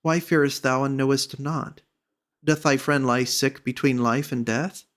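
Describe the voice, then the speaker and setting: A man's voice: medium pitch, fairly even intonation, a little slow, lightly acted. Kind young lord, read by a man. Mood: gentle concern. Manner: gentle and courteous. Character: kind young male lord, bold traveller.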